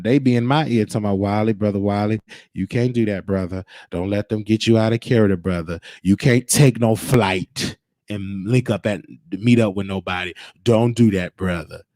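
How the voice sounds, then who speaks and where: A man's voice: on the low side, dark tone, no echo. A man hosting his own show, talking in an emphatic, preachy way and repeating his points. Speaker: show host. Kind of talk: casual livestream monologue. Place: Texas.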